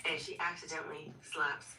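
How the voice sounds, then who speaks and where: Animated woman storyteller in an echoey room. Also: sits low, moderate pace, far from the mic. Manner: animated, retells the story with playful asides and acted-out quotes. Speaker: live-stream host. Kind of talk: casual storytelling while sewing on a live stream. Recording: echoey room, voice off-mic, clear background noise.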